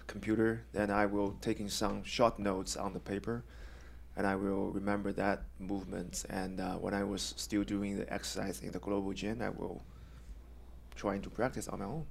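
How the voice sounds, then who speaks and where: A man in his thirties with a Chinese accent speaks as a podcast guest. His voice sits low and gravelly. He answers in halting, simple phrases, and faint noise runs underneath. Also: level tone. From China. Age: 30s. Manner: halting, plain phrasing with pauses. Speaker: guest, coach and police officer. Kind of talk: podcast interview.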